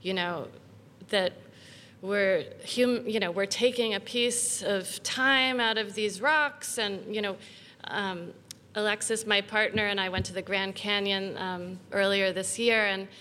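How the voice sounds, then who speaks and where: Female panel guest, bright voice, hesitant with fillers, long reverb. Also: medium pitch, a little slow. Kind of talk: discussion panel.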